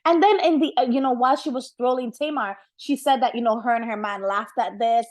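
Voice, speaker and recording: A woman hosting a podcast, giving casual gossip commentary in an animated, slangy way, laughing often and using many fillers. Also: fairly high pitch, a little fast. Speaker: podcast host.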